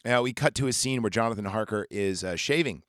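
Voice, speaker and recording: A man's voice: on the low side, brisk, fairly bright tone, no echo, clean studio sound. A man recapping a movie on a podcast in a casual, rambling, profane and jokey way. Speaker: podcast host.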